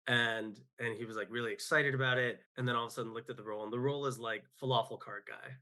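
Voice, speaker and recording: A man, a guest actor telling stories in a casual podcast interview, often pausing and correcting himself mid-sentence. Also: fairly low pitch, fairly even intonation, sharp tone. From San Francisco Bay Area, USA. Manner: halting, self-correcting storyteller.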